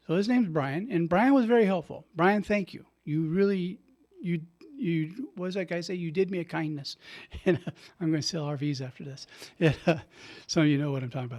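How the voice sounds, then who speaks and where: Older male radio host, fairly high voice, chatty storyteller who laughs a lot and acts out his own quotes. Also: a little mellow. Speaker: radio show host and priest. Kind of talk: casual storytelling monologue. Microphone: studio microphone.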